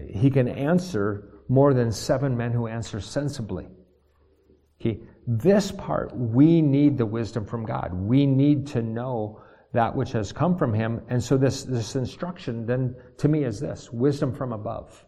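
A man's voice: medium pitch, warm tone. A man preaching a sermon as pastor, often stumbling and repeating words as he reads scripture aloud.

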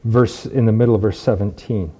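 A man's voice: lowish voice, fairly even intonation, fairly quick, mellow, slightly rough. A man preaching a sermon, reading scripture aloud and repeating key phrases for emphasis.

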